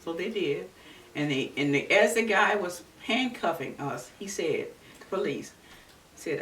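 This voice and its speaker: A woman in her seventies from Florida, recalling her civil rights days in an earnest, unhurried oral-history telling. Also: lowish voice, animated, a bit bright. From Florida, USA. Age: 70s. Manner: earnest, unhurried storytelling with many restarts. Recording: roomy, distant mic with faint background noise.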